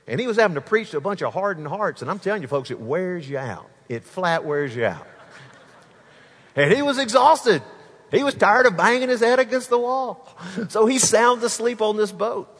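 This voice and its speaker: A man's voice: sits high, big pitch swings, normal speed, fairly bright tone, husky, long reverb tail. A man preaching a sermon to his congregation, speaking to them directly and with energy. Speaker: pastor.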